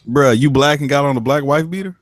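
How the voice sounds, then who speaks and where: A man's voice: fairly high pitch, a little fast. A man hosting a casual livestream chat from his computer, teasing his guests and swearing freely. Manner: brash, teasing, swears often. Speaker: stream host. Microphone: desk mic at computer.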